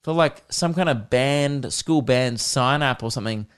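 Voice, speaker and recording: A man's voice: mid-range voice, moderate pace, clear, resonant tone. An Australian man in his twenties hosting a podcast, telling rambling, profane comic stories in a casual chat. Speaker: podcast host.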